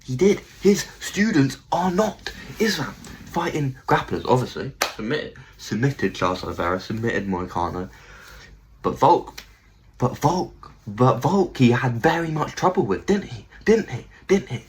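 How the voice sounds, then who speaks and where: Bloke ranting about fighters, mid pitch, sweary and excitable, repeats stuff, bit of hiss. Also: male voice, a little slow, rough recording. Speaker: MMA commentary channel host. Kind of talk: casual ranting commentary.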